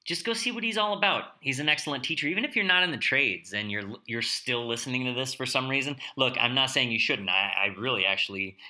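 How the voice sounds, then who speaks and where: A male podcast host with a very bright, sharp voice. He talks in a reflective, easy way and often pauses on fillers. His pitch sits in a middle range. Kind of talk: casual podcast interview and outro.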